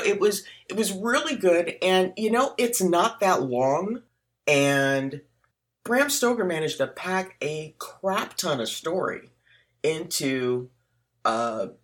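A man co-hosting a podcast, who reads a passage aloud and then chats in an unhurried way, with lots of fillers and wry asides. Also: a little high, expressive, fairly bright tone. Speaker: podcast co-host. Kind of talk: casual chat and reading aloud.

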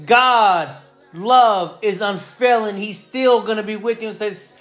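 A man's voice: high voice, unhurried, fairly bright tone, soft background music. A man preaching a sermon with fervor, repeating phrases and building in intensity. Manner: fervent, repetitive, builds in intensity.

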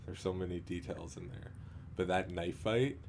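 A man's voice: deep voice, gravelly, darkish tone, slight background noise. A man co-hosting a podcast in casual chat, rambling with lots of fillers and restarts. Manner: rambling, halting, filler-heavy, frequent laughs. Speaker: podcast co-host.

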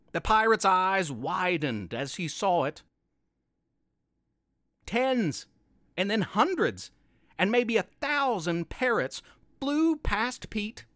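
Storybook podcast host: unhurried, lively, playful read-aloud, dry studio sound. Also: medium pitch, no room sound. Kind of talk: scripted story narration.

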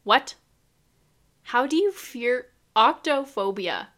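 A young woman talks straight to her viewers in a loose, chatty vlog. Her voice sits a little higher than most, and she keeps firing off baffled rhetorical questions with a disbelieving edge. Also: expressive, measured pace, pauses often. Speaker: vlogger. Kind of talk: casual chat to camera.

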